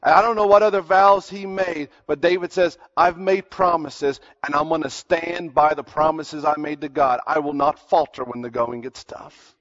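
A man preaching a sermon, telling a story earnestly, dropping his voice low and then rising for emphasis. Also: fairly even intonation, moderate pace, few pauses, fairly bright tone. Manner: earnest storytelling, drops to near-whispers and rises for emphasis. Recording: dull lo-fi recording.

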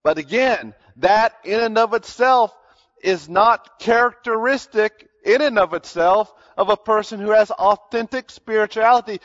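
A man with a high-pitched voice preaches a sermon, explaining things in an earnest, teacherly way that is full of "uh"s and restarts. The recording is dull and lo-fi. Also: measured pace, a bit bright. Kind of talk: expository sermon.

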